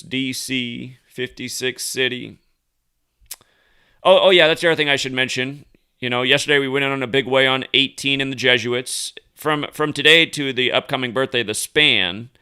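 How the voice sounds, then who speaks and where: A man's voice: medium pitch, pushed and bright, clean tone. A man hosting a commentary monologue, talking heatedly with profanity and frequent restarts. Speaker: host.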